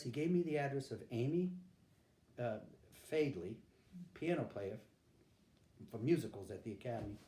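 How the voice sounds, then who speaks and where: An older man talks through his life story in a candid, unhurried interview. He slips into the voices of the people he quotes along the way. The room gives his voice a noticeable echo, with a faint hum underneath. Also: mid-range voice, big pitch swings, mellow. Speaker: interviewee, veteran.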